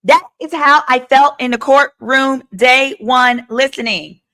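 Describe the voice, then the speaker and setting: A woman attorney runs a live stream, offering sassy, animated legal commentary and addressing her viewers directly. She has a high voice and speaks a little slowly.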